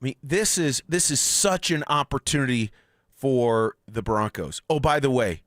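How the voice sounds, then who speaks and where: A man hosting a sports radio show in a studio, chatting excitedly and reading out listener texts. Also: medium pitch, normal speed, no room sound. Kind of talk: casual sports radio chat. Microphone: studio microphone.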